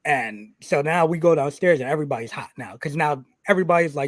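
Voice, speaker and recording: A man in a casual podcast, telling a wrestling story in a slightly high voice, full of swearing and acted-out exchanges. His voice is close and dry, with no room around it. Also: fast talker, no room sound. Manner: animated, swears constantly, acts out quoted exchanges.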